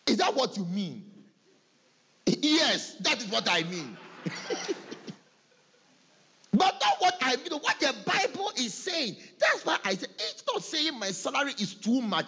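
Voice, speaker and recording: A Ghanaian pastor preaches with a husky, fairly high voice that leaps all over the place. He acts out his congregation's excuses in different voices and laughs along with them. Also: unhurried, pauses often. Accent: Ghanaian English. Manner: animated preaching, acts out church members' excuses, laughs often. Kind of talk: sermon.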